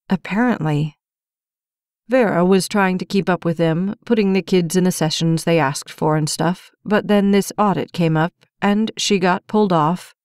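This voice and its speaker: Woman narrating an audiobook, lowish voice, does all the dialogue herself, dry close mic. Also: a little mellow, no echo. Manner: reads all characters' dialogue in her own voice. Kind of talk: scripted narration.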